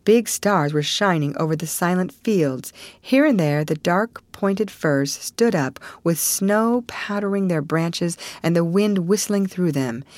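Woman narrator, measured storytelling read, low-set voice. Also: a little mellow, dry recording. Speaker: audiobook narrator. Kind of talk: scripted narration.

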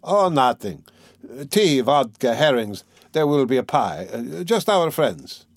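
A man reading an audiobook, voicing an eager young male student friend in a raised, lively, insistent voice. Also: mid-range voice, slow pace, no room sound, studio quality, heavily acted. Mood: chatty.

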